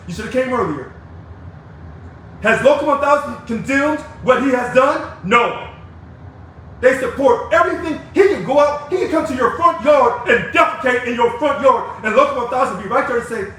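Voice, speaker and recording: A man's voice: very high-pitched, animated, normal speed, fairly bright tone. Fired-up man ranting into an echoey room. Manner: combative, preachy, taunting. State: angry, fired up. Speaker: union activist addressing members. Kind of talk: fiery video rant. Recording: echoey, distant mic with faint noise.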